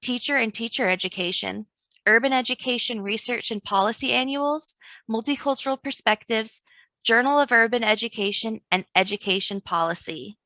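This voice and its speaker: A woman's voice: on the high side, normal speed, pushed and bright, no echo. A woman hosting a workshop, formally reading out a guest speaker's introduction over a video call. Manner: formal, reads out credentials. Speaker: workshop host.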